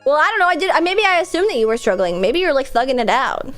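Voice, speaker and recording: A woman's voice: high-pitched, animated, quick pace, soft background music. A woman streamer chatting casually with a stuffy, congested nose, rambling and laughing often. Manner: rambling, filler-heavy, frequent laughs.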